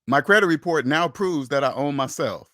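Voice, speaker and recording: A man hosting a personal finance channel delivers an emphatic, preachy monologue to camera, repeating phrases and acting out imagined back-and-forth dialogues. His voice is a little high, animated and bright, with a forceful tone at a moderate pace, recorded dry.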